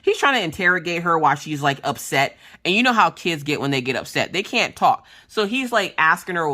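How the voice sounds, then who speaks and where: A woman vlogger chatting casually while crafting, telling stories from home in an animated, blunt way and acting out what people said. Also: deep voice, a little fast, hardly any pauses. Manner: animated, acts out quoted voices. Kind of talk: casual storytelling chat.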